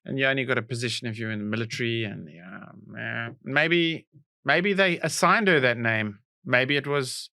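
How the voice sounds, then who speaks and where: Male podcast co-host, bright tense tone, dry sound, thinks out loud. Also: medium pitch, moderate pace, creaky, no echo. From South Africa. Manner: musing aloud, guessing and reacting. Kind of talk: casual comedy podcast chat.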